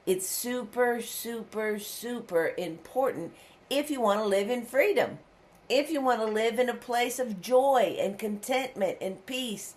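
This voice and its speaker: A woman's voice: fairly high pitch, unhurried, darkish tone. Earnest woman giving a devotional. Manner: earnest, emphatic, full of rhetorical questions. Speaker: ministry speaker. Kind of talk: weekly devotional message.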